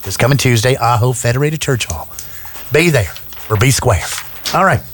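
A man's voice: medium pitch, lively intonation, moderate pace, fairly bright tone, soft background music. A man hosting a small-town radio show, chatting in a rambling, casual way full of fillers.

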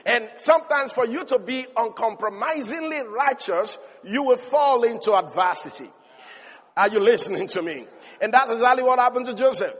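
A man preaching a sermon emphatically, rising to shouts and calling out hallelujah. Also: very high-pitched, animated, moderate pace, slightly rough, long reverb tail.

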